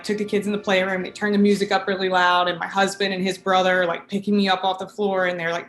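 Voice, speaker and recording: A woman around thirty recounting a painful family memory, halting with many pauses and fillers. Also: mid-range voice, a bit bright, reverberant. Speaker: interviewee. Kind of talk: emotional personal recollection.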